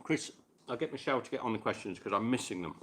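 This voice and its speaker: A man's voice: mid-range voice, fast talker, a bit bright, slight background noise. A man hosting a casual live stream chat while cooking, chatting between bites and answering viewers' questions.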